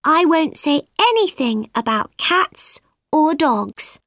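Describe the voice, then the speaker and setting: A woman playing a polite, curious little girl in a storybook who chatters away and keeps apologising. Her voice rides high and lively, and the sound is close and dry. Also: slow, no echo, exaggerated voice. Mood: apologetic. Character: polite, curious young girl, shrunk tiny. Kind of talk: storybook reading.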